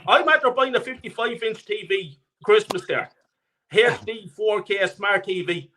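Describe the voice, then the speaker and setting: High-pitched, angry, swearing caller. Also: male voice, unhurried, bright, forceful tone, a little hiss or hum. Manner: angry, profane, repetitive ranting. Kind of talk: ranting call-in chat.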